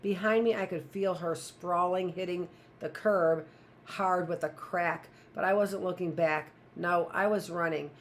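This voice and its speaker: Low-voiced woman reading a novel aloud. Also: fairly even intonation, measured pace, slight background noise. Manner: plain, first-person storytelling. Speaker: teacher.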